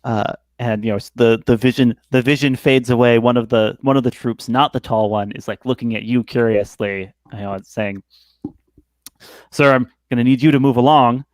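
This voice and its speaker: A man narrates a tabletop game as game master, halting and restarting as he goes. His voice sits at a middling pitch. The recording is dry and close. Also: fairly even intonation, a little mellow, no echo. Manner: halting, full of fillers and restarts.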